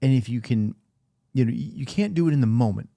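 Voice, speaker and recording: A man co-hosting a casual talk show, explaining ideas in a relaxed conversational way and acting out his own inner voice. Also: medium pitch, fast talker, vocal fry, no echo, studio quality. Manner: conversational, talks through ideas with quoted self-talk. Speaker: podcast co-host. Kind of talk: casual faith-based chat.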